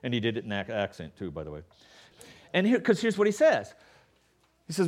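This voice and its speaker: Pastor, male, preaching with an animated, lively voice and mocking asides. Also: mid-range voice, fairly quick, pauses often. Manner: animated, acts out quoted voices with sarcasm. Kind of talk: sermon.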